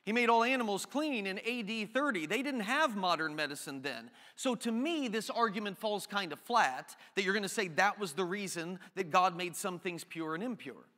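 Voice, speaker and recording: Male pastor, high bright voice, lively sermon with jokey asides, big church reverb. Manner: animated, jokey asides, shifts between reading scripture and quick chatter. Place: church sanctuary. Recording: long hall reverb.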